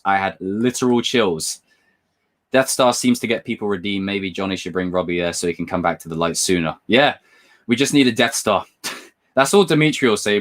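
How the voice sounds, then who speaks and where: A man hosting a casual livestream, talking to his chat in a lively, swooping voice. He is excitable and drops the odd swear word, and his pitch rises and falls a lot as he gets worked up. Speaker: livestream host.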